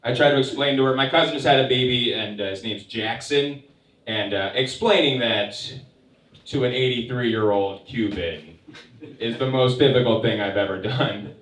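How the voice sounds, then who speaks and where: A young man performing a stand-up comedy set, telling stories in a wry, deadpan way with sarcastic asides. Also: medium pitch, normal speed. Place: comedy club stage. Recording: echoey room picked up from a distance.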